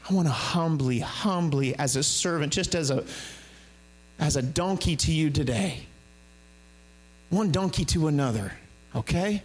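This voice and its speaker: A man preaching as a guest speaker, animated, with his pitch and pace rising and dropping widely. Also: a little slow, pauses often, rough recording. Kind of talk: sermon.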